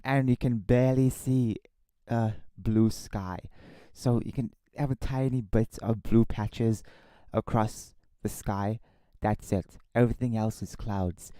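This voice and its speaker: A man chatting casually on his own livestream, rambling and complaining, often restarting and re-saying his lines, sometimes dropping to a hushed voice. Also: fairly low pitch, fairly even intonation, slow, no echo. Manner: drops to a hushed voice at times. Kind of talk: casual solo livestream chat. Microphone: own desktop microphone.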